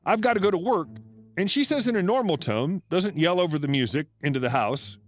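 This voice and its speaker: A man's voice: sits high, lively intonation, fairly quick, soft background music. A man narrating a story in a dry, matter-of-fact scripted reading.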